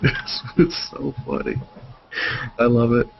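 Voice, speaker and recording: A man joining a casual livestream chat, easygoing and quick to laugh. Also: medium pitch, very animated. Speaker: guest. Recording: lo-fi call audio with clear hiss.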